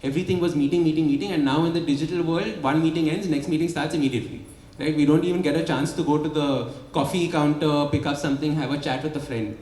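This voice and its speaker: A man's voice: on the high side, fairly even intonation, fast talker, darkish tone. A man, an author and habit coach, explaining his ideas at a book launch and asking rhetorical "right?" questions. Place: event hall before an audience. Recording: echoey hall with light ambience.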